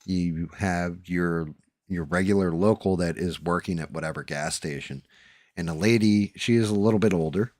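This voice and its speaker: A man's voice: low-pitched, normal speed, a little mellow. A man, telling a profane story in casual chat as a streamer host.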